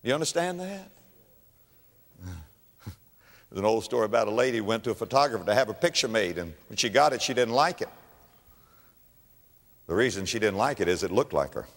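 A man's voice: on the low side, expressive, brisk, pauses often. A male preacher giving a sermon, telling stories emphatically and repeating key phrases. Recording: long reverb of a large hall.

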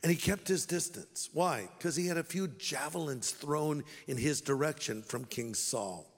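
A male pastor delivers a sermon in a high, bright voice, wry and direct in tone. The long reverb of a large hall trails behind each phrase. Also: expressive, measured pace, breathy edge.

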